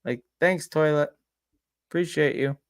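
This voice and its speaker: A man's voice: on the high side, unhurried, vocal fry, clean tone, dry recording. A man from Minnesota co-hosting a casual podcast, laughing often and swearing casually. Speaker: co-host.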